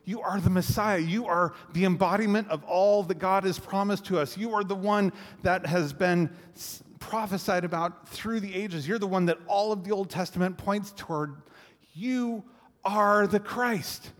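A man's voice: a little high, animated, measured pace. A man voicing the disciple Peter, making emphatic, rising declarations. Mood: awed, fervent. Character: impassioned male disciple Peter, fervent and bold. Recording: echoey hall reverb.

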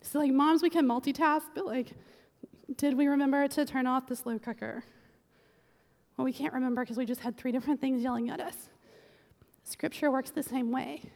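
A woman preaching a casual, humorous sermon, chatty with quick joking asides. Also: high-pitched, fairly even intonation, a little mellow. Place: church sanctuary. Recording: long church-hall reverb.

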